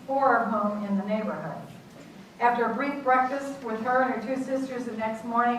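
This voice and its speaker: An older woman in her eighties performs a one-woman stage monologue with animated storytelling. Her voice sits a bit high. The sound is roomy and distant, with faint background noise. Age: 80s. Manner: animated storytelling with dramatic outbursts. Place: theatre stage.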